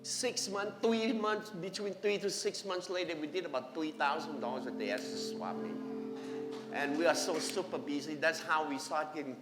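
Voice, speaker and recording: A man giving a personal testimony at church, animated and acting out conversations, speaking English with non-native grammar. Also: fairly high pitch, moderate pace. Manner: animated, acts out dialogue with his wife. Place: church hall. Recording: echoey hall with music behind.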